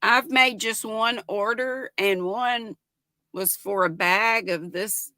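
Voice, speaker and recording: A woman's voice: mid-range voice, slow pace, pushed and bright, no room sound. A woman with an Afrikaans accent chatting on a livestream, eagerly showing off crafts. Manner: enthusiastic show-and-tell. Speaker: co-host. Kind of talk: casual chat.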